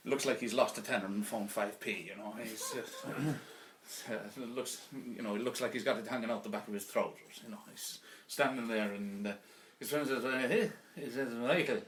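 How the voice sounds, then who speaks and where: A man's voice: medium pitch, normal speed, fairly bright tone, slight background noise. A man doing a stand-up routine of pub jokes, rambling through his stories with lots of restarts and fillers. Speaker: comedian. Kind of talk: stand-up pub joke telling.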